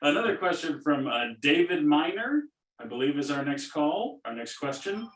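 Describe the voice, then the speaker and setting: A man's voice: a little high, very animated, moderate pace, fairly bright tone. A man moderating the question line, hesitantly announcing the next caller. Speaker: event moderator. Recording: roomy, far from the mic, faint noise.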